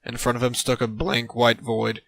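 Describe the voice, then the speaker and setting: Deadpan man narrating a silly story. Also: mid-range voice, moderate pace, creaky, a little hiss or hum, poor audio. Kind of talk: absurd comedic story narration.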